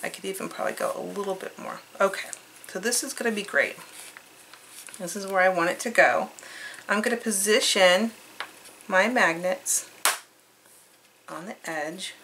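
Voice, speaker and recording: A woman's voice: medium pitch, normal speed, pauses often, noisy background. A woman hosting a craft tutorial, chatting cheerfully and thinking aloud as she works. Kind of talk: casual craft demonstration.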